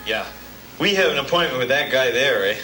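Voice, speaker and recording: A bossy Canadian slacker. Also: male voice, medium pitch, animated, a little fast, sharp tone, poor audio. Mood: scheming. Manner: slangy, bossy, ends lines with "eh". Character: bossy, scheming young male slacker brother. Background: film music.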